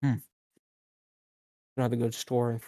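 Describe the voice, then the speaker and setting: A man's voice: mid-range voice, monotone, measured pace. A young man telling a rambling absurd comic story, mock-outraged, his voice cracking now and then. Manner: rambling, mock-outraged, swings between mumbling and yelling. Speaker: food review vlogger.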